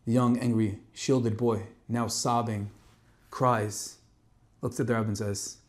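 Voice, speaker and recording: A man's voice: medium pitch, flat delivery, slow pace. Man telling a story in a sermon. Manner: dramatic, swinging between loud emphasis and hushed tones. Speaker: speaker giving a Torah talk.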